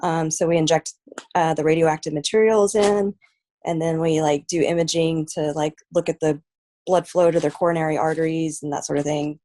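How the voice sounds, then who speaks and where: Woman guest from Texas, low-ish voice, relaxed, filler-heavy talk. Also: moderate pace, a little hiss or hum. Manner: soft-spoken, lots of fillers like "like" and "um". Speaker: guest, fighter. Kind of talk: casual interview chat.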